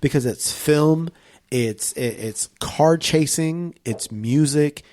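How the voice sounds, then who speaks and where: A man's voice: a little high, takes it slowly, darkish tone. A man as a podcast guest, chatting enthusiastically, rambling and swearing heavily. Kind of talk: casual podcast chat.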